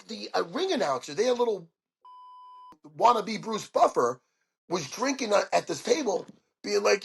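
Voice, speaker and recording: A man, a podcast guest, telling stories in an excitable, profane way and acting out the quotes. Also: high voice, creaky, slightly rough. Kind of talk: animated storytelling chat.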